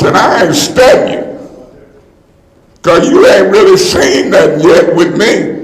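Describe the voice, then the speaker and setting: A man's voice: sits high, very animated, measured pace, long pauses. A man speaking as a city council member in a heated public meeting, confrontational and indignant, often hollering his points. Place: council chamber. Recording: echoey council chamber with long reverb.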